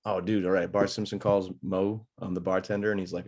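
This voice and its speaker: A man's voice: low voice, flat delivery, quick pace, a little mellow. A young man hosting a podcast, chatting in a laid-back, slangy, joking way. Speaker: podcast host. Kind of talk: casual chat.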